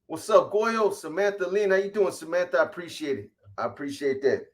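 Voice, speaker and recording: A man with a somewhat high speaking voice hosts a casual livestream. He rattles off viewer names one after another and drops easy slang greetings between them. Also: a little fast. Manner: rattles off viewer shout-outs, slangy, calls people boy. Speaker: livestream host.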